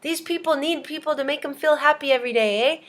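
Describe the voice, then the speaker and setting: A woman's voice: sits high, expressive, normal speed, a bit bright, voice pushed up. A woman voicing a bossy Canadian man who ends every order with "eh". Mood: angry. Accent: put-on Canadian. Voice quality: says "eh" after every order, pushy. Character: bossy middle-aged Canadian man boss.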